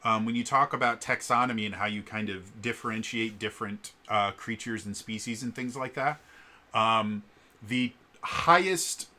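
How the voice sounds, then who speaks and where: Bright-voiced man explaining things. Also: fairly low pitch, moderate pace. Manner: explains at length with frequent ums and uhs. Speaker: vlogger. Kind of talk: casual explanatory vlog talk.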